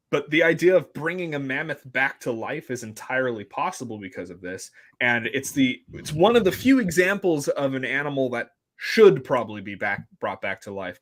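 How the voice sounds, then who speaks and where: Male scientist guest, mid-pitched, eager, chatty explanations with frequent laughs. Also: fairly bright tone. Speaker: paleontologist guest. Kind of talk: casual interview.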